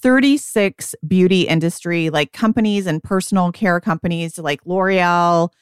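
A woman in her forties, co-hosting a podcast as a beauty editor, chatting casually and often quoting herself in quick asides. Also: on the low side, clean tone, dry recording, studio quality. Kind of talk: casual chat.

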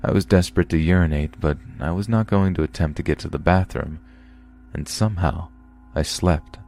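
A man, the host of a podcast, reading a scary true story aloud with steady, measured delivery. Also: low voice, vocal fry. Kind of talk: horror story narration.

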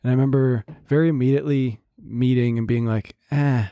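A man's voice: medium pitch, fairly even intonation, a little fast, warm tone, no echo. A man co-hosting a podcast, telling long dating stories in casual chat and acting out the lines of the people in them. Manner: rambling storyteller, acts out quotes. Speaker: podcast co-host.

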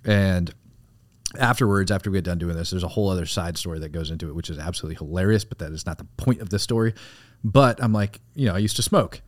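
A man's voice: low-pitched, quick pace, no echo, clean studio sound. A man co-hosting a casual podcast, rambling and profane, with lots of "like" and "you know". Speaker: podcast co-host, military veteran. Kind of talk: casual storytelling.

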